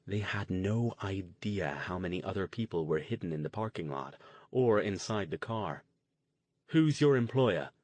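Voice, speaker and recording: A man narrating an audiobook in a measured, even scripted reading. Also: low voice, no echo.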